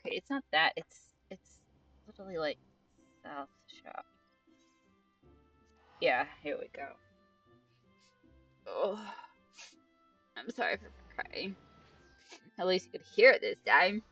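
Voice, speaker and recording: A woman's voice: fairly low pitch, sing-song, slow, pauses often, bright, forceful tone, breathy edge. A young woman streaming a game, chatting casually in an apologetic, rambling way into a headset mic. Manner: apologetic, self-conscious, rambling. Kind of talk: casual gameplay chat. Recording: dull, distant, dry, game music behind.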